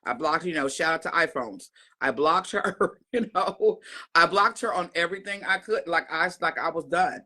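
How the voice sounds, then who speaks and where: A woman's voice: on the low side, moderate pace, pushed and bright. A middle-aged woman vlogger talking casually to her viewers, a chatty storyteller who often repeats herself and uses folksy phrasing. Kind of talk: casual chat to camera.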